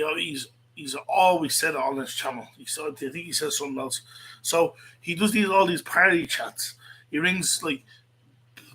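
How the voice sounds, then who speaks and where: Angry, bright-voiced Irish man. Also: on the high side, slight background noise, rough recording. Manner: angry, profane, repetitive. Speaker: host. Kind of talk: heated online rant.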